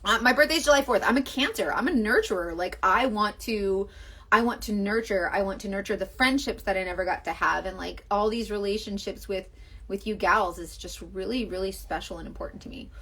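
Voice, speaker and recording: A woman's voice: medium pitch, brisk, pushed and bright, husky. A young Southern American woman with a Southern accent, chatting on a makeup livestream in a gushing, rambling way, full of fillers. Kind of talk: casual livestream chat and makeup demo.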